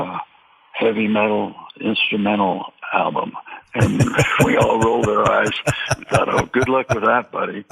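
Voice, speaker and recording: An older man, a drummer and producer, telling stories in an interview with many halting restarts and fillers. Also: on the low side, vocal fry, husky. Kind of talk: storytelling interview. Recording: tinny phone-like line.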